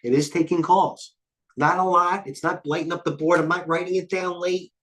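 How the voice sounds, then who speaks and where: A man's voice: sits high, fairly even intonation, a bit bright. Rambling middle-aged male trading host. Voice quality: occasional cursing, blunt and fast-thinking. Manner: rambling, jumps between tangents. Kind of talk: live market commentary.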